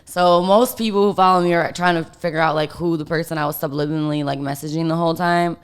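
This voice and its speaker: A woman's voice: low voice, fairly even intonation, fast, smooth. A woman guest telling a story in casual chat, rambling with lots of fillers and swearing.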